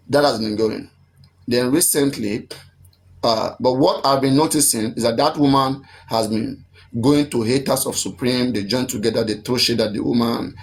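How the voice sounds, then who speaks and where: A man speaks at a mid pitch in an earnest, measured way as a live-stream host. He explains a dispute and goes back over the same points.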